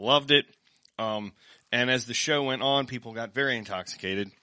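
A man co-hosting a podcast, telling profane stories in casual chat with animated quoted asides. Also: mid-range voice, moderate pace, no echo, clean studio sound. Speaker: podcast co-host.

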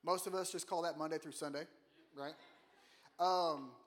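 A man's voice: a little high, fairly even intonation, normal speed. A man giving a casual, joking sermon in a church, often putting questions to the congregation. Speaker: guest preacher. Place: church auditorium.

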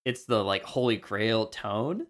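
A man's voice: on the low side, expressive, unhurried, a bit bright. A man co-hosting a podcast in a casual, jokey chat, laughing often. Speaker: podcast co-host.

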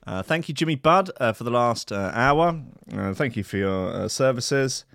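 A man hosting a radio show alone, rambling in a sardonic, sweary way, swinging from loud asides to mutters. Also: medium pitch, expressive, moderate pace, gravelly, dry recording, clean studio sound. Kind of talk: rambling solo radio banter.

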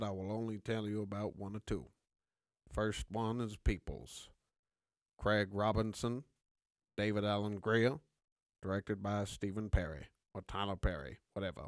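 A man putting on an impression of a famous older male film narrator, reading mock phone-line movie listings in a slow, low, measured way. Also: no echo, studio quality.

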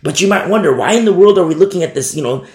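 A man's voice: sits high, animated, rapid-fire, roomy sound. A man preaching a verse-by-verse Bible study sermon, repeating phrases and asking rhetorical questions. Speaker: pastor. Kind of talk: expository Bible teaching sermon.

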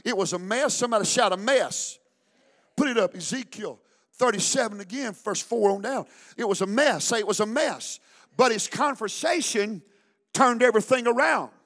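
A male pastor preaches at a church service with a strikingly high voice. He swings between quiet asides and shouted, chanted lines, calling the congregation to answer back. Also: normal speed. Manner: fiery call-and-response preaching, shouting and chanting. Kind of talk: sermon.

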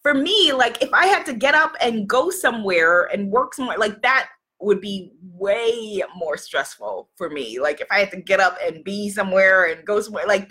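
A woman's voice: mid-range voice, pushed and bright, breathy edge. A woman business coach chatting casually to her audience, rambling with many fillers and restarts.

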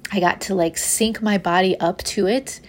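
A woman's voice: medium pitch, fairly even intonation, normal speed. A young woman, hosting a podcast and telling a personal story casually, often laughing and swearing. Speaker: podcast host.

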